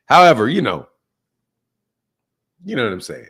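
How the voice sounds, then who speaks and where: A man's voice: medium pitch, wildly swooping pitch, normal speed, vocal fry, a bit bright, slightly rough. A man from the United States hosting a boxing channel, chatting casually on a live stream, boastful and joking, swearing freely.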